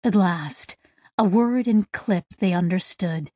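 A woman narrating a science fiction story in a steady, clear reading voice. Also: fairly low pitch, slow, no echo, clean studio sound. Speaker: audiobook narrator. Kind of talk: scripted narration.

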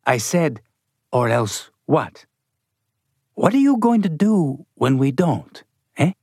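A man's voice: a little high, big pitch swings, takes it slowly, darkish tone, breathy edge, dry recording, studio quality, voice pushed up, heavily acted. A man doing a menacing maintenance thug. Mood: taunting. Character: short, aggressive male maintenance worker, a thug.

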